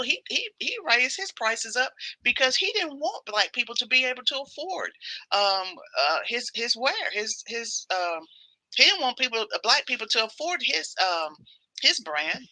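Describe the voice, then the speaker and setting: A woman's voice: fairly high pitch, bright, forceful tone, dry recording, low-quality recording. A woman hosting a casual devotional livestream, chatty and repeating phrases for emphasis.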